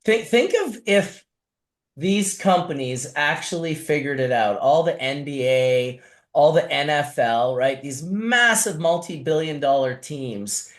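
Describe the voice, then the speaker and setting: A man in casual chat, musing excitedly about a possibility. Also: on the high side, unhurried.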